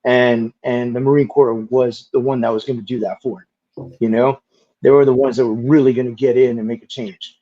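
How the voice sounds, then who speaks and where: Lively man telling stories, dull audio. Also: mid-range voice, normal speed. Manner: lively, swears casually, many "like" fillers. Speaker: interview guest. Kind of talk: casual storytelling in an interview.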